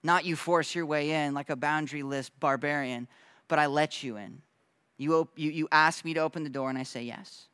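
A man gives a casual sermon, talking loosely and slangily with bursts of animation as he acts out little scenes. His voice sits a bit high for a man and is recorded close and dry, with almost no room sound. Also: fairly even intonation, normal speed, pushed and bright, clear, resonant tone, no room sound. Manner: laughs now and then, loose slangy phrasing. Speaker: pastor.

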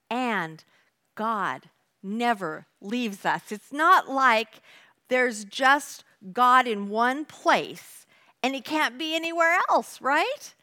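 Woman teacher, high pitch, very lively, bright tone, conversational sermon. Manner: conversational, animated retelling. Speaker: church teacher.

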